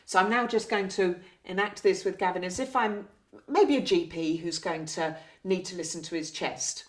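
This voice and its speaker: Gentle explaining woman in an echoey room. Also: on the low side, moderate pace. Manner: gentle, explanatory, ends points with tag questions. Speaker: community learning disability nurse. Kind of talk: training talk with role-play. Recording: roomy echo.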